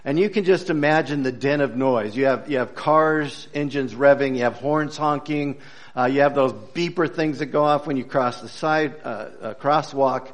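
Relaxed, joking preacher, man. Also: medium pitch, moderate pace. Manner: conversational, joking storyteller with frequent uh fillers. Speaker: pastor. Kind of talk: sermon. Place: church.

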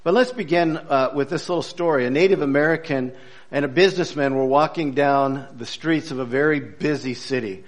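A man's voice: a little high, fairly quick. A man preaching a sermon as pastor, in a conversational, joking storytelling way with frequent hesitant fillers. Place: church.

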